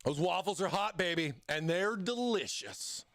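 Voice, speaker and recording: A man's voice: high-pitched, lively intonation, a little slow, a bit bright. A man hosting a casual livestream giveaway, hyped and slangy, calling viewers "baby" and "bro.". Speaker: livestream host.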